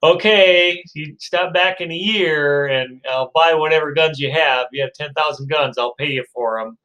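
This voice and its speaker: A man voicing a weary male army general who answers in a doubtful, measured way. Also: fairly high pitch, sharp tone, rough recording. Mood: skeptical.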